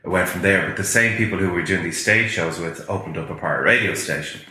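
A man who is a guest in a casual interview, wandering through long anecdotes as he talks. His voice is bright and sits a little low. The room around him is very echoey. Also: fast talker. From Ireland. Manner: rambling, anecdotal storytelling.

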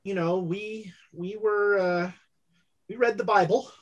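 The ghost of an old homesteader mourns in a soft, halting voice, as a game master puts him on. The speech is slow and unhurried, as in a tabletop horror game. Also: medium pitch, steady tone, lo-fi sound, close to an everyday voice. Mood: mournful.

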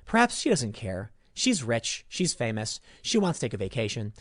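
A man delivering opinionated commentary, sarcastic and mocking, swinging between loud outbursts and muttered asides. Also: mid-range voice, huge pitch swings, moderate pace, no echo, clean studio sound.

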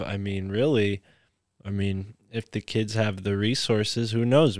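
Low-voiced man chatting as co-host. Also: no room sound, clean studio sound. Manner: curious, checks details. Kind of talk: casual chat.

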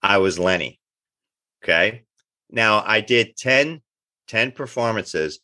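New man telling lively acting stories. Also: fairly low pitch, slow pace, no room sound. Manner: animated anecdotes, acts out quoted dialogue. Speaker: actor guest. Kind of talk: casual interview storytelling.

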